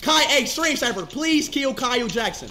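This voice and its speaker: A man streaming a game, taunting his teammates loudly in casual banter. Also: extremely high pitch, expressive, normal speed. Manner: loud, taunting, yelling. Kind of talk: trash-talking gaming banter. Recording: noisy stream audio.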